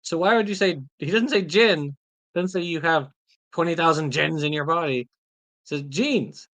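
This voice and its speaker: A man co-hosting a casual livestream, talking in an animated, incredulous way. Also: on the high side, fairly quick. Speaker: co-host.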